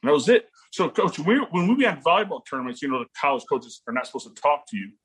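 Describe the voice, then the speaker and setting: A man in his forties from Illinois, a guest telling casual stories about his daughter's recruiting, acting out quotes with sudden jumps in pitch. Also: very animated, fast talker, a bit bright, husky. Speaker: guest, parent of a volleyball recruit. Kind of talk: casual storytelling.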